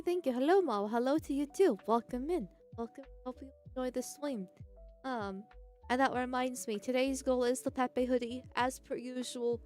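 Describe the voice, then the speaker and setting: A young woman chatting on a live stream, rambling with frequent restarts and laughs, and reading chat messages aloud. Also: high-pitched. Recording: faint background music.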